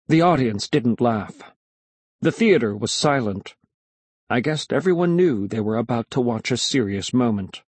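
A man narrating a storybook in a measured, expressive way. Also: mid-range voice, breathy edge, dry recording.

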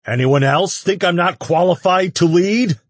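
Guy putting on a loud angry demon lord, husky snarl, dry close sound. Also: mid-range voice, very animated, slow pace, dry recording, pitched above the performer's own voice, exaggerated voice. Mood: commanding. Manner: loud, growling threats. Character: furious young male demon lord, commanding. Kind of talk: audiobook character voice.

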